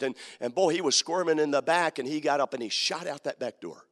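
A man preaching a sermon, telling a story that builds into fervent shouting. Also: on the high side, brisk, hardly any pauses, long reverb tail.

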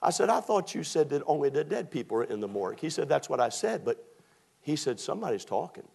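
Folksy preacher telling stories. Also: male voice, a little high, animated, brisk, vocal fry, darkish tone, slightly rough. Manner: folksy, humorous, acts out dialogue. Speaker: pastor. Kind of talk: storytelling sermon.

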